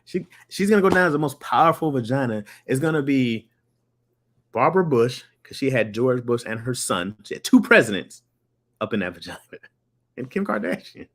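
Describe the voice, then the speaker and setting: A young man hosting a casual livestream, reading chat and riffing in slang, laughing often and jumping up in pitch when excited. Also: normal speed.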